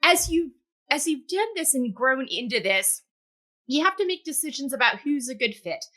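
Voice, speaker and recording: A woman's voice: high-pitched, lively intonation, normal speed. A middle-aged woman hosting a podcast interview, affirming her guest often and asking reflective questions. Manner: warmly affirming, frequent "yeah". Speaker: podcast host. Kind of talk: conversational interview.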